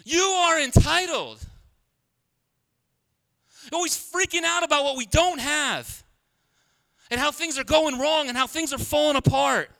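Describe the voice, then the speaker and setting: A pastor preaching a sermon in a humorous, conversational way, laughing often. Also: male voice, very high voice, measured pace, long pauses, bright, forceful tone. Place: church.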